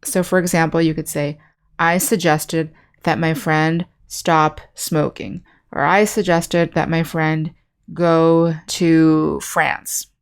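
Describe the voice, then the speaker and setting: Woman English teacher, lowish voice, clear, patient lesson delivery. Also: level tone. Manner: clear, slow, teacherly explanation with example sentences. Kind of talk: scripted online lesson.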